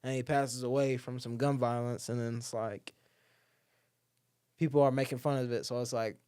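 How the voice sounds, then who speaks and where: Clear-voiced young man. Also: medium pitch, normal speed. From Alabama. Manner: animated storyteller who acts out the people he quotes, heavy use of "like" and "bro". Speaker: podcast guest. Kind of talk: casual conversation.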